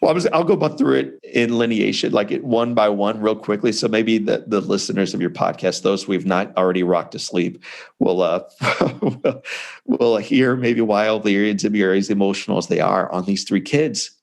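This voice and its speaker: A man's voice: lowish voice, normal speed, gravelly. A man in his forties, an author and speaker, telling his personal story in an interview with emphatic, conversational energy. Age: 40s.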